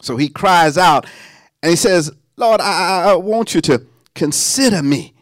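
A man preaching a sermon, animated, with sung lines and sudden drops to a hush. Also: sits high, unhurried, no room sound, studio quality.

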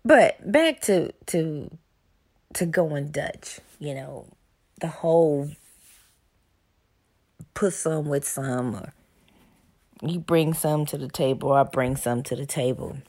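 A woman's voice: low voice, takes it slowly, pauses often, a little mellow. Brash, profane woman ranting. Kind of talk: explicit comedic monologue.

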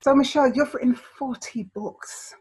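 A woman's voice: high-pitched, moderate pace, darkish tone, husky, poor audio. A woman hosting a podcast interview, chatty and rambling, laughing a lot. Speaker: podcast host. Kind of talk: casual interview chat.

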